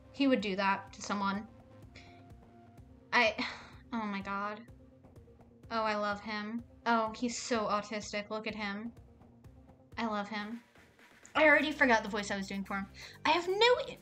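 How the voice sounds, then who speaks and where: A woman streaming a game live, chatting in an excitable, rambling way and swearing a lot. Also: mid-range voice.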